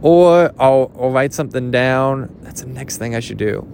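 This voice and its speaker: A young man rambling jokily in a casual vlog, swearing now and then, his pitch jumping up when he gets excited. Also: normal speed, slight background noise. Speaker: vlogger. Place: outdoors at a beach.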